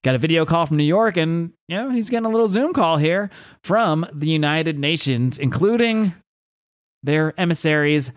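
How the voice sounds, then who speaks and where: A man's voice: fairly high pitch, animated, moderate pace, no echo, studio quality. A man hosting a casual comic-book recap in a rambling, chatty manner. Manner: rambling, chatty, with fillers and laughter. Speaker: podcast host.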